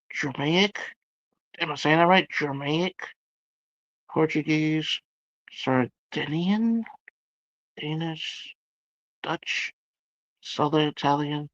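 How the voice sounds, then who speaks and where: A man hosting a livestream, chatting casually with his viewers and reacting aloud to their comments. His voice sits fairly high for a man, and he talks slowly and unhurriedly. The stream audio is dull and lo-fi, with a close, dry sound. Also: fairly bright tone, dry recording. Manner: exclamatory, reacting aloud to chat. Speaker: livestream host.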